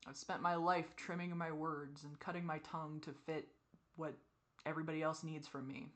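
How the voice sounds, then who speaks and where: A woman venting in a personal confessional vlog, teary and frustrated, with sighs and soft muttered asides. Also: sits low, little pitch movement, moderate pace. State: teary, crying. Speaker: vlogger.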